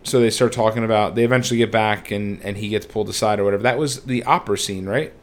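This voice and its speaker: A man's voice: lowish voice, steady tone, quick pace. A man co-hosting a podcast, retelling movie scenes in chatty, casual talk full of fillers. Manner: chatty, filler-heavy storytelling. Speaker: podcast co-host. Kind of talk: casual movie recap chat.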